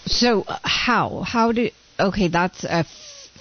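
A woman's voice: mid-range voice, huge pitch swings, slow pace. A woman hosting a casual interview, encouraging her guest with short remarks. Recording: dull lo-fi sound.

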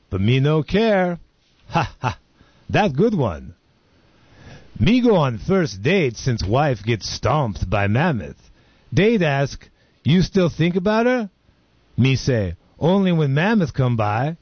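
A man's voice: fairly high pitch, slightly rough, dry recording, exaggerated voice. Gronk, a man doing a dopey caveman comic. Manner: broken caveman grammar, punchline delivery. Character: dim-witted male caveman stand-up comic. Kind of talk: comedy sketch stand-up bit. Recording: dull lo-fi recording.

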